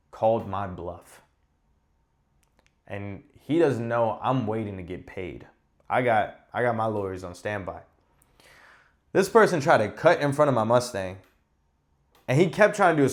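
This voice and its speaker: A man with a mid-range voice rants casually on his podcast, animated and exasperated. He swears freely and swings from muttering to loud outbursts. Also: medium pitch. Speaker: podcast host. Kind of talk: casual ranting monologue.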